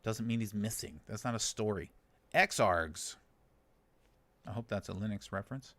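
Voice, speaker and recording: An American man in his thirties hosts a laid-back livestream, answering viewer comments in a rather low voice. His humor is dry and sarcastic, broken up by short chuckles. The sound is close and dry, with no room echo. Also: normal speed, fairly bright tone. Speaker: livestream host. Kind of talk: casual livestream chat reading viewer comments. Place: living in China.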